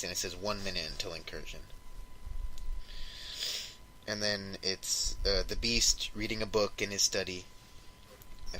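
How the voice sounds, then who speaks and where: A man's voice: low-pitched, pushed and bright, slight background noise, poor audio. A man co-hosting a podcast, casually retelling a comic story and acting out the characters' lines with lots of "like". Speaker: podcast co-host.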